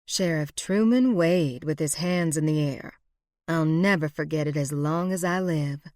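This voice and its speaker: A woman voicing a scheming, flirtatious frontier woman outlaw with a slow, purring, teasing drawl. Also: deep voice, darkish tone, no echo, clean studio sound. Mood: sly.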